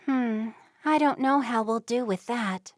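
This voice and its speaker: A woman's voice: on the high side, a little slow, dry recording, studio quality, natural voice. A woman voicing a chatty, playful younger Amish sister in a storybook reading.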